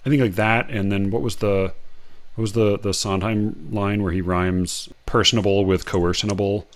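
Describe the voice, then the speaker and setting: A man in casual conversation, halting and self-interrupting as he picks apart rhyme and stress in verse. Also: lowish voice, flat delivery, slight background noise. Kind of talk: casual conversation about poetry and rap.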